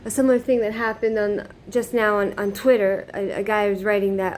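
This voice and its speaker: A woman vlogging a story to her camera in a casual, rambling way, with plenty of fillers and restarts. Her voice sits at an ordinary middle pitch. A faint background hiss runs under the recording. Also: level tone, a little fast, a little mellow. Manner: rambling, many fillers and restarts, laughs often. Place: living in Israel.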